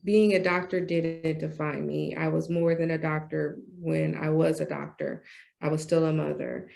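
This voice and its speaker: A middle-aged American woman talks through her story as an interview guest, with a low voice full of gravel. Her delivery is animated and conversational, and she slips into other voices as she acts out scenes. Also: normal speed. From United States. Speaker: interview guest, retired doctor and poet.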